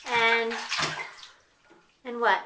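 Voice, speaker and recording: A woman's voice: fairly high pitch, little pitch movement, drawn-out words. A mother in a home video, coaxing and encouraging her toddler at bath time in a sing-song way. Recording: noisy home video with water splashing. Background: running bath water.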